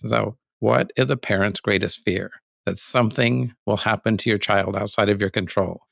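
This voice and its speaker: Gravelly low male podcast co-host. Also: no echo, studio quality. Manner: relaxed, laughs often. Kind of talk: casual chat.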